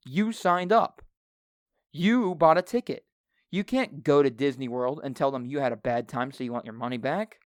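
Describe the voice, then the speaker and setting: A man hosting a podcast, going on a profane solo rant with a handheld microphone and jumping into loud, high-pitched outbursts. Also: smooth, no echo, studio quality. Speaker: podcast co-host.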